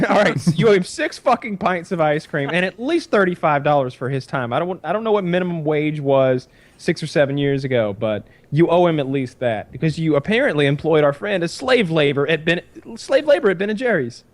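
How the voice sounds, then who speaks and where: A man's voice: a little high, expressive, brisk. A man hosting a podcast, swearing freely and riffing emphatically in casual banter. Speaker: podcast host.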